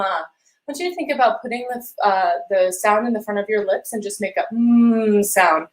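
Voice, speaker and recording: A woman vocal coach leading a live-streamed warm-up lesson, encouraging and gently guiding listeners through sung exercises. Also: medium pitch, normal speed, poor audio. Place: home room with a piano.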